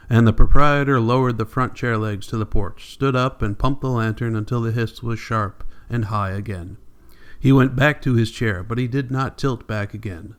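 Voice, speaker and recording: A man narrates a novel aloud at a middling pitch. His storytelling is steady and measured. It is scripted audiobook narration. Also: smooth.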